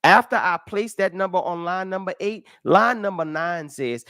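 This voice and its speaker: A man's voice: high-pitched, moderate pace, few pauses, clear, resonant tone, dry recording, studio quality. A man giving a casual, emphatic tax lesson, walking through a form line by line and asking his listeners rhetorical questions. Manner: emphatic and animated, with rhetorical questions and folksy talk; walks through a form line by line, counting aloud. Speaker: tax educator. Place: live stream with comments.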